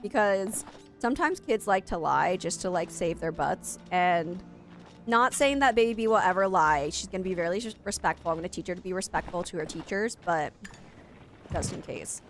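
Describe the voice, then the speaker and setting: A woman's voice: fairly low pitch, expressive, normal speed, faint music behind. A young adult woman streaming a game, chatting casually and rambling straight to her viewers. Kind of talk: casual live-stream chat.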